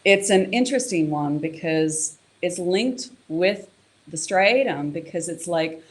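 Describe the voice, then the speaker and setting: Chatty woman teacher, lowish voice. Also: animated, measured pace. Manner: casual, chatty, with fillers and acted-out quotes. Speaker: yoga and meditation teacher. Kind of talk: explanatory talk with storytelling.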